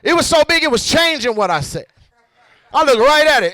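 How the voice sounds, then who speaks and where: A man doing a loud, animated stand-up set on a club stage, laughing at his own jokes. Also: extremely high pitch, fairly quick. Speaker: stand-up comedian.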